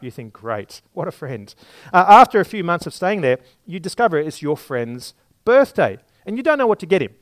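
A man's voice: on the high side, no echo. A male preacher from giving a sermon, explaining a Bible passage with everyday examples and some restarts.

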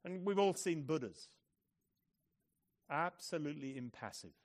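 A man preaching a sermon, moving between hushed, measured reflection and loud, forceful emphasis. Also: fairly high pitch, animated.

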